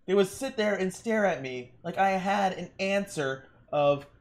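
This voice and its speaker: A young man streaming while he draws, rambling through excitable stories and exclamations. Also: sits high, measured pace. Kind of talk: casual chat while drawing on stream.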